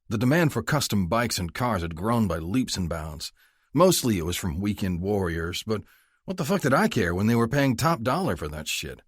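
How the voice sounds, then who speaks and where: Casting note: gruff young male narrator, husky low voice, animated delivery, very dry sound. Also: dry recording. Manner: blunt, gruff, swearing first-person delivery. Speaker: audiobook narrator. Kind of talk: first-person romance audiobook narration.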